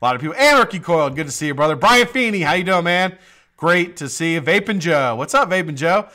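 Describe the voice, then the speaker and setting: A man's voice: expressive, quick pace. A middle-aged man hosting a casual live stream, greeting chat viewers by name, laughing often and swearing casually. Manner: laughs often, drops low and quiet when explaining.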